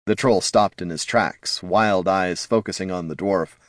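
A man narrating a fantasy audiobook in a lively, expressive reading style. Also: deep voice, unhurried, dry recording, studio quality.

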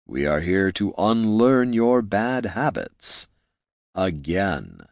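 A man voicing an impassive, stern male wizard teacher who gives slow, curt commands. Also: low-pitched, very animated, gravelly, no echo, studio quality, exaggerated voice.

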